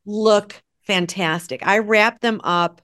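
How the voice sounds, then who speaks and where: Slow-talking woman telling a story. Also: medium pitch, smooth. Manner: animated, acts out quoted dialogue. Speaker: guest sharing a story. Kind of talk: casual storytelling chat.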